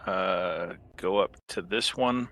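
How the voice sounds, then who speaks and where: A man's voice: low voice, takes it slowly, a bit bright. A man playing a tabletop game, talking in a hesitant way and restarting his sentences. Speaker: player. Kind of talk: casual tabletop play.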